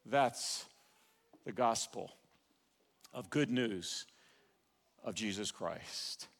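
A man preaching a sermon in a church, swelling with passion and then falling to a hushed, quiet prayer. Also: on the low side, animated, drawn-out words, creaky, big-room sound. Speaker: pastor. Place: church sanctuary.

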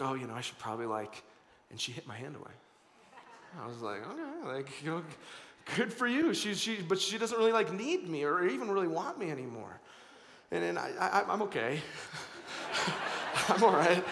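A man's voice: a little high, a bit bright. A man in his thirties preaching a sermon as pastor, earnest and conversational, often repeating words as he restarts. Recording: echoey hall.

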